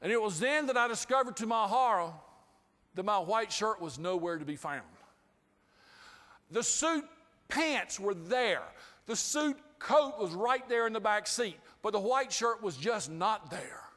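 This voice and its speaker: A man giving an inspirational talk, telling a humorous story with lively, acted-out dialogue to a live audience. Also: high-pitched, unhurried. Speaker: inspirational speaker. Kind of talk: storytelling keynote speech. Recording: hall reverb.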